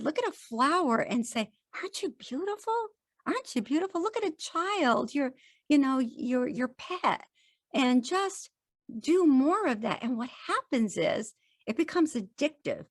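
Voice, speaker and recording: Encouraging woman with a lively voice. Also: a little high, dry recording, studio quality. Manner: earnest, encouraging, animated quoting. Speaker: podcast guest. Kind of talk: casual interview chat.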